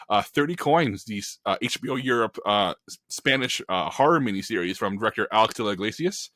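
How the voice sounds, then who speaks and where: Man, film critic, rapid-fire animated rant, dry close-mic sound. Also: lowish voice, no echo. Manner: animated, emphatic, opinionated ranting. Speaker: film critic on a podcast panel. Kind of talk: casual podcast chat.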